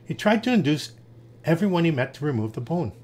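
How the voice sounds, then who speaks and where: A man reading fables aloud in a lively storytelling manner. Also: fairly high pitch, fairly quick.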